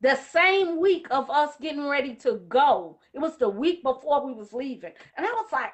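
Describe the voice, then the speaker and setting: A woman telling a lively personal story in casual conversation, getting emotional as she goes. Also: high voice, normal speed, few pauses. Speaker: guest.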